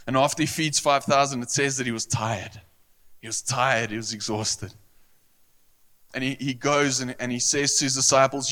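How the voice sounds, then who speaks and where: A male pastor delivering a sermon with a bright, forceful voice. He speaks earnestly and emphatically, and he often repeats phrases for weight. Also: mid-range voice, steady tone, moderate pace.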